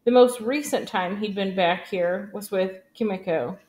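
Female audiobook narrator, steady and even, mid-pitched. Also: unhurried. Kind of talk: scripted narration.

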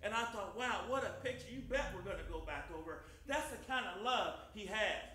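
An older man preaching a fervent sermon in church, breaking into loud hallelujahs and softening when he reads scripture. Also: high voice, lively intonation, brisk, echoey room. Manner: fervent, shouting hallelujahs, drops soft for scripture. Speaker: guest preacher. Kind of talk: lively Easter sermon with scripture reading.

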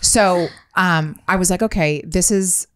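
A woman in her thirties telling a story on a casual podcast, animated and profane, acting out the dialogue. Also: lowish voice, measured pace, over a noisy crowd. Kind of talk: casual chat.

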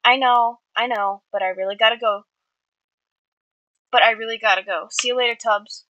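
A woman's voice: on the high side, fairly even intonation, normal speed, pushed and bright, muffled recording. A woman voicing a stubborn teenage boy vigilante who brushes off worry. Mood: defiant.

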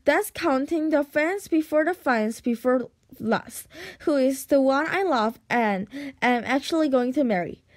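A woman's voice: high-pitched, animated, measured pace, dry recording. A woman reading aloud from a storybook, voicing a headstrong young Viking princess who speaks in a stormy, defiant way.

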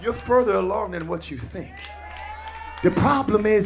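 A pastor delivers a sermon at a church service, moving from quiet, intimate comments to shouted, sing-song refrains that repeat line after line and invite the congregation to respond. His voice is gravelly, his pace normal, and there's some chatter in the background.

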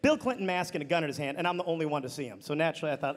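A male stand-up comedian telling a story on stage, rambling and restarting sentences, with deadpan asides. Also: fairly high pitch, rapid-fire, in a large hall. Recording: live audience, clear background noise.

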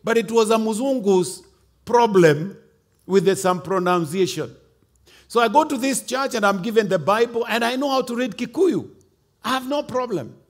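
A man's voice: sits high, normal speed. A man with a Kenyan accent preaching a sermon as a bishop, emphatic, slipping in Swahili and Kikuyu asides.

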